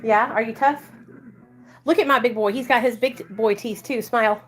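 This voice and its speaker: A woman's voice: on the high side, moderate pace, fairly bright tone, soft background music. A woman in her thirties with a Southern US accent, chatting casually and affectionately on a live stream from home, laughing often.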